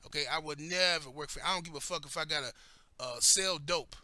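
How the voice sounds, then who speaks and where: A man's voice: fairly high pitch, a little fast, bright, forceful tone, no room sound. A man telling personal stories in a blunt, heated way, cursing heavily as he talks. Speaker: commentator. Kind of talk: profane personal storytelling.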